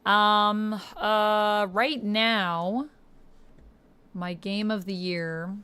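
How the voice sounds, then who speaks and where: A young woman with a Canadian accent chatting casually to her viewers while playing a game live, reading out chat and filling pauses with "uh" and "like". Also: mid-range voice, level tone, pushed and bright, clear, resonant tone. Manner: chatty, reads chat aloud, frequent fillers. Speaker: streamer. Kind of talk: live-stream gameplay chat.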